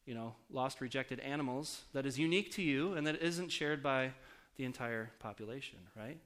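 A man's voice: mid-range voice, normal speed, a bit bright. A pastor preaching a casual, story-driven sermon to his congregation, often asking the audience questions. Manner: conversational, asks the audience questions.

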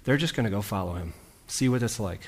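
A man preaching a sermon in a relaxed, conversational way, acting out the lines of the people in his story. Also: lowish voice, fast. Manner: lively, conversational, acts out quoted lines.

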